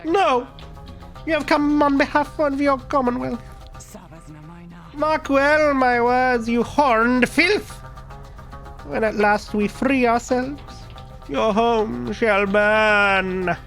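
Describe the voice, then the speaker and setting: A man voicing a haughty, disdainful female harpy warrior in a video game, with a lofty, sneering, drawn-out delivery. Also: very high voice, steady tone, a bit bright, faint music behind, voice pushed up, exaggerated voice. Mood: threatening.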